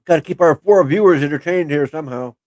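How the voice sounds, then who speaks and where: A man's voice: a little high, fast talker, darkish tone, dry recording. A man co-hosting a casual live stream, joking and self-deprecating. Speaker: show co-host.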